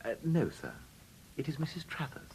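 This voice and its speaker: A dignified, imperturbable manservant in a radio comedy. He answers with formal, dry understatement in a slightly breathy voice, set in a reverberant studio with a long tail. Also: a little high, very animated, moderate pace, darkish tone, exaggerated voice. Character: unflappable, dignified male valet, middle-aged. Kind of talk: radio comedy drama acting.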